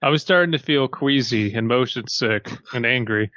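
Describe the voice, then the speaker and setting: A man's voice: mid-range voice, moderate pace, sharp tone, dry recording, highs cut off. A man co-hosting a podcast, reading a horror story aloud casually and swearing now and then.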